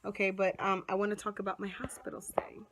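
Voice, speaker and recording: A woman vlogger chatting to a small camera at close range, lively and animated, acting out what others said. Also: medium pitch, quick pace, background noise. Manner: chatty, animated, acts out quoted voices. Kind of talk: casual storytelling to camera. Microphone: phone or small camera close up.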